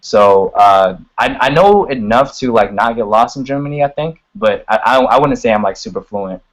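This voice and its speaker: A man's voice: on the low side, animated, moderate pace, poor audio. A young man chatting casually as a guest on a video call, full of "like" and "you know", swearing freely. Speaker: guest singer and rapper.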